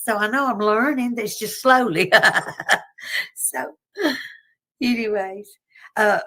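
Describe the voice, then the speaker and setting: A woman with a Southern US drawl chats through a casual livestream in a mid-range voice. She is folksy and talkative and breaks into laughs as she goes. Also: mid-range voice. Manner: chatty, warm-hearted, folksy, laughs often. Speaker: livestream host.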